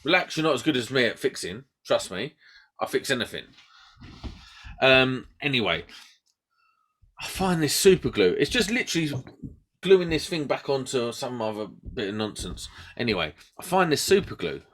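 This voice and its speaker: British male podcast host; animated storyteller who shouts out quoted lines. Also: mid-range voice, moderate pace. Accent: British English. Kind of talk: casual chat.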